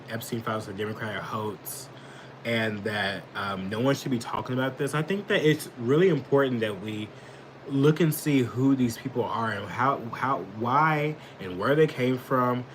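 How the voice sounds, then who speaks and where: A man's voice: mid-range voice, sharp tone, slight background noise, rough recording. A man giving casual live political commentary, rambling, swearing and snapping back at chat comments. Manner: rambling, profane, reacts angrily to chat comments.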